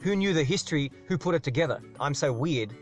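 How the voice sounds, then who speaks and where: A man's voice: a little high, lively intonation, fast, faint music behind. A man hosting a live question-and-answer stream, rambling through an explanation and tagging "right?" onto his sentences. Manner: rambling, repeats "right?" as a tag, restarts words. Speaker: live Q&A host. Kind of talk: casual explanatory monologue.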